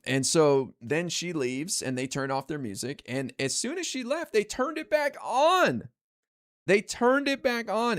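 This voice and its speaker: A man telling a rambling, candid story in a casual monologue, full of fillers and profanity, jumping high in pitch when he quotes others. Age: adult, calls himself too old to yell at teens. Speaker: political commentary streamer.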